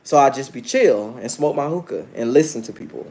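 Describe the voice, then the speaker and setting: A man's voice: mid-range voice, lively intonation, brisk, mellow. A man in his thirties hosting a casual livestream, talking brashly and preaching at his viewers, challenging chat to answer him. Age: 30s. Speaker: livestream host.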